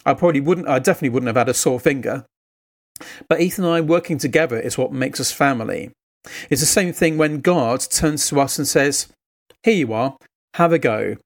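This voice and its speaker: Conversational preacher man telling a story. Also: fairly high pitch. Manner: earnest, exhortative. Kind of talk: sermon.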